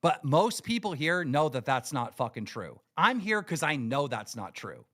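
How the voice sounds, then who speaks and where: A man's voice: on the high side, sing-song, normal speed, a bit bright. A man hosting a livestream, delivering an angry, profane, emphatic rant. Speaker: livestream host.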